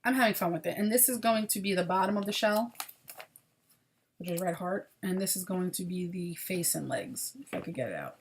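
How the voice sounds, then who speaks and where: A woman's voice: on the low side, expressive, a little fast, slight background noise. A woman hosting a crochet video podcast, chatting casually and apologetically about her projects, sounding tired.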